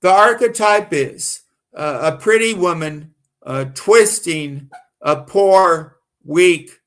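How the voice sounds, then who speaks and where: A man from the American South rambles through live-stream commentary, circling back on his own words and flaring up indignantly. His voice sits a little high for a man, and he talks at an unhurried, drawn-out pace. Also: fairly bright tone. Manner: rambling, repetitive, gets worked up and indignant.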